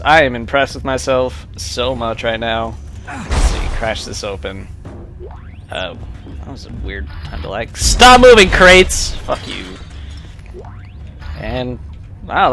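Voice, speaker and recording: Young man, tipsy, casual gameplay commentary, lively swooping pitch, loud joking outbursts, game music behind. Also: creaky. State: drinking, tipsy. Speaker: gamer doing a let's play.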